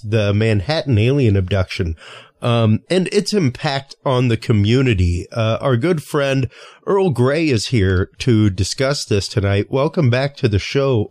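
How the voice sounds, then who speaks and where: A man's voice: mid-range voice, a little mellow, dry recording, studio quality. A man hosting a podcast, reading sponsor plugs and then chatting with a guest, often restarting with fillers. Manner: halting, many fillers and restarts. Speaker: podcast host. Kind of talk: casual interview chat.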